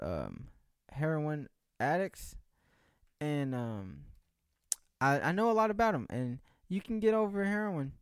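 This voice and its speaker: A man's voice: mid-range voice, no echo, clean studio sound. A young man hosting a solo podcast, chatting in a rambling, jokey way with many restarts. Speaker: podcast host. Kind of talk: casual solo chat.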